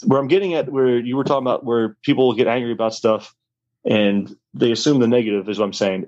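A man's voice: mid-range voice, muffled recording. A young man telling a wild story in a casual, rambling way, full of fillers.

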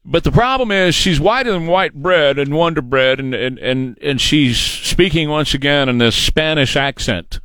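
A man's voice: on the high side, steady tone, unhurried, few pauses, a bit bright, dry recording, soft background music. A man hosting a political talk radio show, delivering an opinionated, emphatic and mocking monologue into a studio microphone.

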